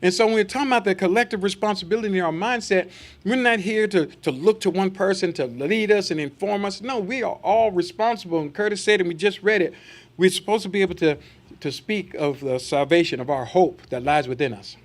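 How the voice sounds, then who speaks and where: High voiced guy preaching, reads scripture then fires off questions at the room. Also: brisk. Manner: acts out quoted voices in asides. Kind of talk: sermon.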